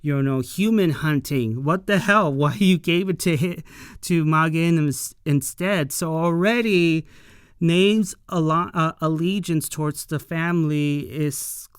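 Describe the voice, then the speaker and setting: Slow, rambling episode reviewer. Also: medium pitch, smooth, dry recording, studio quality. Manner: rambling, filler-heavy, opinionated. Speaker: anime and tokusatsu episode reviewer. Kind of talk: casual episode recap and commentary.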